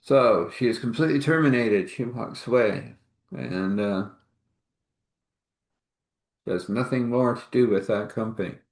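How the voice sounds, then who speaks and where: A man's voice: medium pitch, unhurried, long pauses, darkish tone. A man telling a faith-based everyday story in a rambling, homespun way with many fillers. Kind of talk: informal spoken storytelling. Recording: echoey room.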